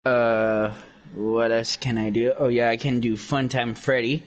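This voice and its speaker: Slow, rambling young man bragging about voices. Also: mid-range voice, level tone, dull audio. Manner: boastful, rambling with many fillers. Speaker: game streamer doing impressions. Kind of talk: casual gaming chat.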